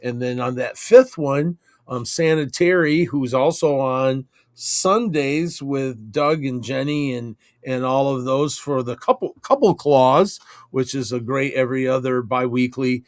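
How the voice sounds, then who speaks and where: A man co-hosting a relaxed chat show, wandering through his thoughts with plenty of ums and restarts. His voice sits at an ordinary middle pitch, and the sound is dry and close. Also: dry recording. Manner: rambling, halting with many fillers. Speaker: co-host. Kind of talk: casual chat.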